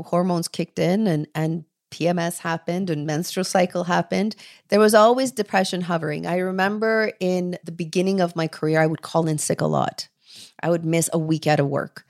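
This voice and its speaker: A woman in her forties from Canada speaks candidly as an interview guest. Her voice sits a little low, and she slips into quoted dialogue to act out her memories. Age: 40s. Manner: expressive, acts out quoted dialogue. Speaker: ADHD coach, guest.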